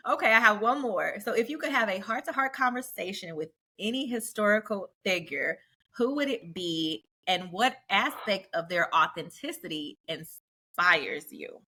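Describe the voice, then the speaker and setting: A woman hosting a casual podcast chat, talkative and quick to laugh, with lots of filler words. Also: mid-range voice, expressive, sharp tone. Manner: chatty, laughs often, many fillers. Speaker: podcast host.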